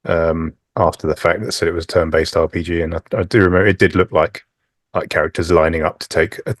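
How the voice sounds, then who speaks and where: Very deep-voiced wry man. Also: fast, no room sound, clean studio sound. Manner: relaxed, wry, swears casually. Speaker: podcast co-host. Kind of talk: casual chat.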